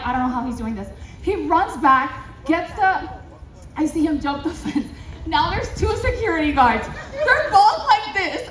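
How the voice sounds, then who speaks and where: A woman vlogger casually telling an animated story to camera, acting out dialogue and laughing often. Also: high-pitched, far from the mic, slight background noise. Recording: roomy echo, away from the mic.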